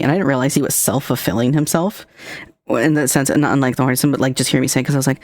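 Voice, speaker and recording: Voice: medium pitch, fairly even intonation, fast talker, no room sound, studio quality. A streamer hosting a casual chat, curious and full of questions, swearing casually. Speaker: streamer host.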